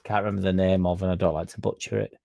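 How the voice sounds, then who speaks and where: A man's voice: low voice, level tone, rapid-fire, creaky, mellow. A man hosting a casual football fan livestream, reading chat comments and rambling with frequent swearing. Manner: swears freely, rambles, mocks critics in a raised put-on voice. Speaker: fan channel host reading live chat.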